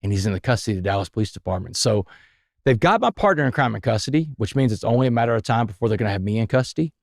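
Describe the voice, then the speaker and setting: Podcast guest, male, low voice, dry close sound, dramatic storyteller. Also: expressive, rapid-fire, creaky, dry recording. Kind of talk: telling his life story in conversation.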